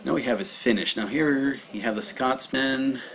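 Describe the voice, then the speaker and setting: A man's voice: mid-range voice, moderate pace, a bit bright. A man teaching kanji on a livestream in a rambling, casual way, with many fillers and restarts. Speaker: language teacher. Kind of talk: livestreamed kanji study lesson.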